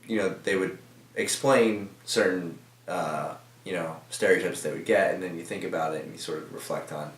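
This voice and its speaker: In a deep voice at moderate pace, a young man chats casually as a guest in an office interview. As a team member, he rambles with frequent fillers and restarts, heard from afar in an echoey room.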